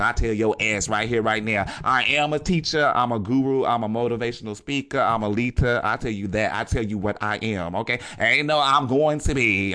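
A man's voice: fairly low pitch, sharp tone. A man hosting a podcast, delivering a casual motivational monologue in a blunt, profane way and often tossing in "okay?". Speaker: podcast host.

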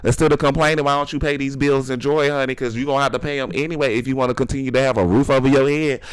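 A man's voice: mid-range voice, steady tone, rapid-fire, clean tone, dry recording, low-quality recording. A man hosting a casual solo podcast, talking in a sassy, preachy way and often tagging his points with "honey, okay?". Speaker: podcast host.

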